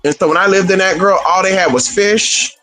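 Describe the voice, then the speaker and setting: A man's voice: fairly quick, sharp tone, poor audio. A man hosting a livestream, chatting casually and telling gossipy stories in a sassy way, calling his listeners girl and honey. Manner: sassy, gossipy, swooping pitch. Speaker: livestream host. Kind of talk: casual chat storytelling.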